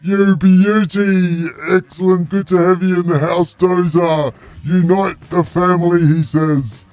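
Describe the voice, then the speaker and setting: An Australian man hosting a live stream, shouting greetings and thanking viewers with exuberant energy. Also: sits high, level tone, a little slow, no echo. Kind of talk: excited live stream chat. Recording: music playing behind.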